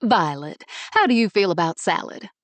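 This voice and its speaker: A woman voicing a cheerful, bossy middle-aged mother who gives orders in a lively way. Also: fairly low pitch, moderate pace, no echo, lightly acted. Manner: bustling, commanding, lively.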